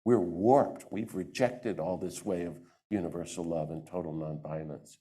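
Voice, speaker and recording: A man giving a lively talk to a church audience into a microphone, acting out the voices he quotes. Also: deep voice, normal speed. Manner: animated, acts out quoted voices. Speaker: guest speaker.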